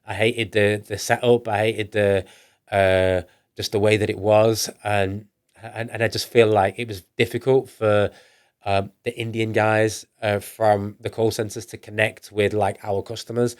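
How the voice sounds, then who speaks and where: A northern English man with a fairly low voice tells his business story in a loose, rambling way. He trips into restarts and repeats himself, then slips into acting out what he and others said, all in a relaxed podcast chat. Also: a little slow, clean tone. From northern England. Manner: rambling, with restarts and acted-out quoted dialogue. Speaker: entrepreneur guest. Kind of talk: casual storytelling in a podcast interview.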